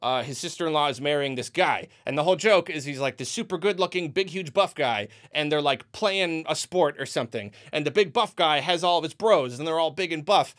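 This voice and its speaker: A man's voice: a little high, fairly quick, few pauses. A man ranting in a movie review, exasperated and rambling, with many restarts. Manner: acts out quoted reactions in an animated way.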